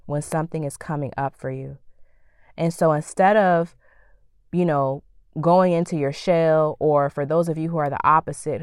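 A low-pitched woman hosts a faith-centered motivational podcast, speaking in a lively, preacherly way and slipping into playful, sassy asides. Her voice is recorded close and dry, with no room sound. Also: dry recording. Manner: animated, preacherly, acts out quoted thoughts with playful sass. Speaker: podcast host. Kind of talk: faith-based motivational talk.

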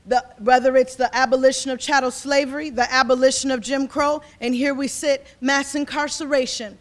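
Fervent high-voiced woman organizer. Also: little pitch movement, fairly quick. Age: 40s. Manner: fervent, rambling, repeats herself, slips into casual talk. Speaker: community organizer. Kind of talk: impassioned speech to an audience.

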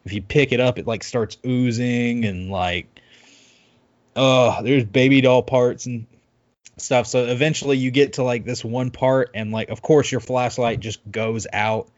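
A man recapping a video game in casual chat, rambling and halting with lots of fillers and restarts. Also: mid-range voice, fairly even intonation, muffled recording.

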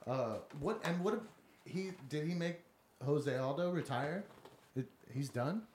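A man guesting on a casual podcast, halting and restarting his sentences, often laughing. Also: on the high side, expressive, a little mellow. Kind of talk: casual chat. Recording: roomy echo with faint noise.

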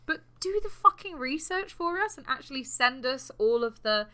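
A woman's voice: high-pitched, lively intonation, normal speed, sharp tone, a little hiss or hum. A woman co-hosting a podcast, telling a true crime story in a casual, sweary, jokey way. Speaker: podcast co-host.

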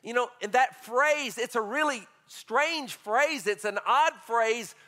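Bright-voiced, high-pitched male preacher. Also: slow. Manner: conversational, animated preaching with chuckles. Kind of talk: sermon.

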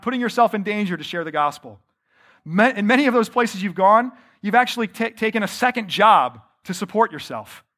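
High-voiced man preaching a sermon. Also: fairly bright tone. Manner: conversational, earnest, builds rhetorical questions. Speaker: pastor.

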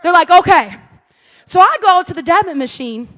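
A middle-aged woman with a high voice tells a personal story, acting out each moment. Her talk swings between quiet asides and loud, exasperated outbursts. Long reverb trails behind her words, as if she were in a big hall. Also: moderate pace. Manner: expressive, rising to loud exasperation.

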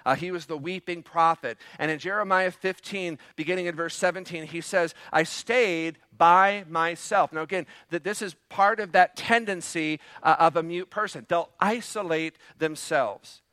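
A man's voice: on the high side, moderate pace, few pauses, sharp tone, no room sound. A man preaching a sermon as pastor, in a conversational way with frequent fillers. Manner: leans into acted quotes.

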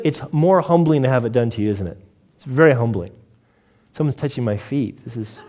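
A male pastor delivering a sermon to his congregation, lively and joking, often asking rhetorical questions. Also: fairly high pitch. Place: church before a congregation.

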